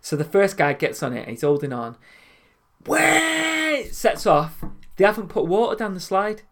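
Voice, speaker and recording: Guy chatting, tells a story all lively, laughs a lot. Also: high voice, moderate pace. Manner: animated storytelling, laughs often. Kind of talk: casual chat.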